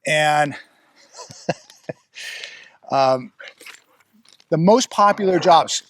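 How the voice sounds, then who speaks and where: Brief: man, somewhat high voice, blunt and rambling, outdoor phone vlog, dry close sound. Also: slow pace, long pauses, no room sound. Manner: rambling, blunt, talks to his dog mid-thought. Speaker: vlogger. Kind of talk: casual outdoor commentary. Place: outdoors on a rural ranch. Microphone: phone or camera he adjusts himself.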